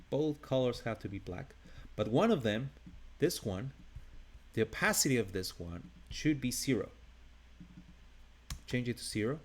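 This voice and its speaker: A man with a non-native English accent teaching a live design tutorial, talking casually and thinking aloud as he works. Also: mid-range voice. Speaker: design instructor.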